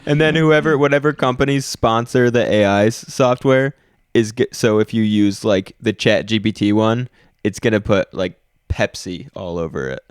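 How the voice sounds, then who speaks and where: A man's voice: lowish voice, moderate pace, smooth, no room sound, clean studio sound. A young man co-hosting a podcast, rambling in casual chat and trailing off mid-sentence. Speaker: podcast co-host.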